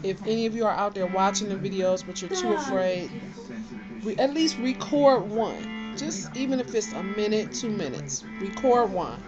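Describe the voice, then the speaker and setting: A woman's voice: medium pitch, sing-song, normal speed. Woman vlogger, chatty and friendly to the camera, dull lo-fi sound with music underneath. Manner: chatty, shouts out viewers one by one. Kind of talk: casual chat to camera.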